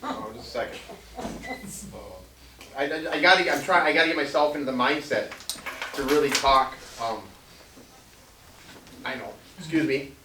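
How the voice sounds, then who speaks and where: A man's voice: on the high side, moderate pace, long pauses, bright, forceful tone, a little hiss or hum. A man giving a casual history lecture to a live audience, rambling with many ums and restarts and jokey asides. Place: veterans center hall. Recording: echoey hall, voice from far off.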